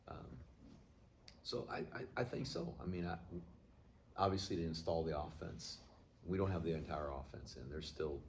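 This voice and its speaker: A middle-aged man, a head football coach, answering reporters after a game in a plainspoken, measured way, thinking aloud as he goes. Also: extremely low pitch, background noise. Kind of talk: post-game media interview.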